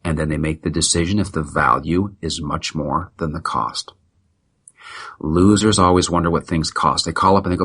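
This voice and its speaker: A middle-aged man with a very low voice pushes a motivational sales pitch with blunt, preachy emphasis. His tone is tense and driving, and there is a husky grain to it. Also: normal speed, a bit bright. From United States. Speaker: practice consultant guest.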